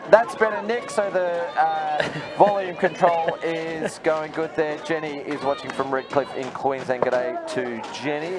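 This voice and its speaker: An Australian man giving relaxed, chatty play-by-play commentary on a softball game. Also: a little high. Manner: chatty, relaxed, greets viewers. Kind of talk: live sports commentary. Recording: outdoor broadcast with crowd noise.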